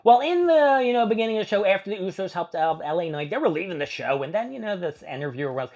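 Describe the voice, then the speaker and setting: A man's voice: high-pitched, animated, fast, hardly any pauses. A man hosting a casual wrestling review vlog, recapping matches in a rambling, profane play-by-play and acting out what the wrestlers said.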